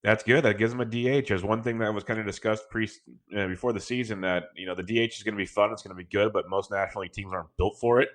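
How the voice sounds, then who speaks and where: Fast-talking low-voiced podcast man. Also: fairly even intonation, fairly bright tone. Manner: quick, confident analysis. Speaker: podcast co-host. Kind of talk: casual sports podcast chat.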